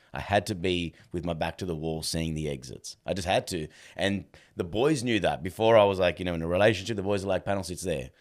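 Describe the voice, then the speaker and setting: A man, a podcast guest and dog trainer, chatting casually and acting out quoted dialogue as he tells stories. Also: deep voice. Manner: animated storyteller, acts out quoted dialogue. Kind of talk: casual conversation.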